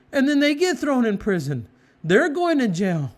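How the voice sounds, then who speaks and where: A man's voice: very high-pitched, huge pitch swings, normal speed. A man preaching with fervent conviction, hammering home short repeated phrases. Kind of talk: impassioned moral preaching.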